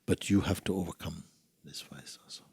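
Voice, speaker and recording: A man speaking as a spiritual teacher in a soft, gentle way. He often drops to a whisper and asks rhetorical questions. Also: deep voice, normal speed, gravelly, slight background noise. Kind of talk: spiritual talk, reading and answering letters.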